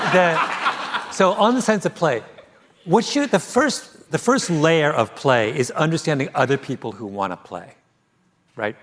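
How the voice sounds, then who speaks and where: Author on stage, lively storyteller with a very expressive, swinging pitch. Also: male voice, measured pace, pauses often, a little hiss or hum. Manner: animated storytelling, laughs often. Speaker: author being interviewed. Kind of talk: live stage conversation. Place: theater stage before an audience.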